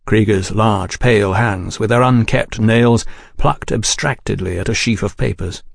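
A man reading a novel aloud in a measured, even audiobook narration. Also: lowish voice, vocal fry, dry recording, studio quality.

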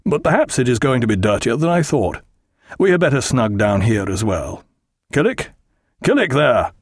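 A man voicing a hearty, bluff naval captain in an audiobook, lively and cheerful. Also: mid-range voice, moderate pace, no room sound, studio quality.

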